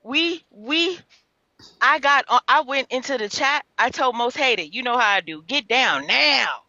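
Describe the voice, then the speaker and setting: A woman's voice: sits high, animated, a little slow, pushed and bright, no echo, highs cut off. A woman venting in heated casual livestream chat, profane and repeating herself as she talks.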